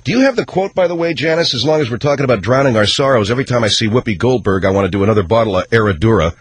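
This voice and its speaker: A man's voice: medium pitch, expressive, racing, breathy edge, no echo. A man hosting a radio talk show, riffing sarcastically through a comedic monologue. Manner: sarcastic, riffing, acts out skits.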